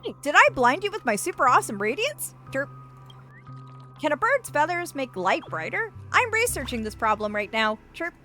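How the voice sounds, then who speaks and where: A woman's voice: very animated, moderate pace, pushed and bright, soft background music, heavily acted. A woman voicing a gloomy, self-pitying little origami bird from a game, chirping as she talks. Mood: chipper. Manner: chirping, whiny and squeaky.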